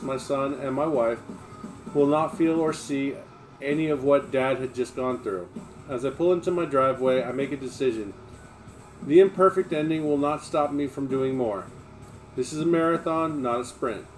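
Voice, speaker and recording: A man reading a memoir aloud on a livestream, in an emphatic, blunt manner with plenty of swearing. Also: medium pitch.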